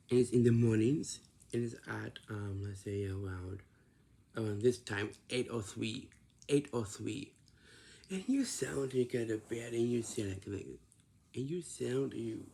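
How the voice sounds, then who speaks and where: A man's voice: medium pitch, creaky, dark tone, breathy edge. A man giving casual advice in a monologue, repeating himself, restarting phrases and ending points with "right?". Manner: repetitive, instructive, many restarts and tag questions. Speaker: vlogger giving life advice.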